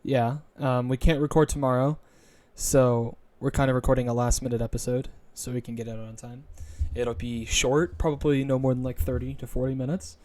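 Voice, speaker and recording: A man's voice: mid-range voice, steady tone, a little fast, a little mellow. A young man opening a casual podcast episode, hesitant and full of fillers. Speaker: podcast host.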